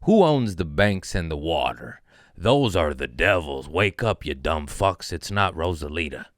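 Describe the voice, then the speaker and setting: A man with a low, sing-song voice talks at an unhurried pace in a clean studio recording with no echo. He's doing a comedic podcast monologue, riffing casually and making fun of himself, then building into profane rants with rising outbursts.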